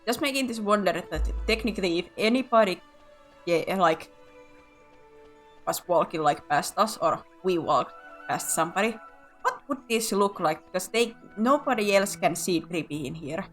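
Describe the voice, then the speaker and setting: Giggly woman streamer, lively voice. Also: medium pitch, normal speed, faint music behind. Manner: giggly, stumbles over words. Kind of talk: casual gameplay chat.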